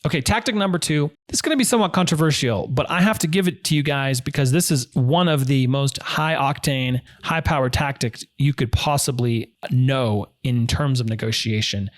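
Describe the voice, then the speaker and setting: A man's voice: mid-range voice, moderate pace. Emphatic man coaching on negotiation. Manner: direct and emphatic, repeats key phrases. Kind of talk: instructional talk to camera.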